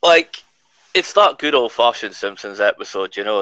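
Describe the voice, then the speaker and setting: A man's voice: fairly low pitch, animated, normal speed, sharp tone, no room sound. A man with a Scottish accent co-hosting a podcast in casual chat, blunt and swearing freely, while losing his voice. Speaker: podcast co-host. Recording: dull, dry lo-fi sound.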